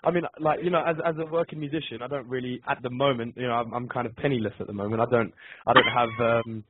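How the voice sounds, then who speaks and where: A young man with a London accent, a musician answering interview questions by phone, halting and hesitant with many ums. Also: medium pitch, fairly even intonation, breathy edge. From England. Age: young adult. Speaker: musician guest. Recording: dry tinny phone line.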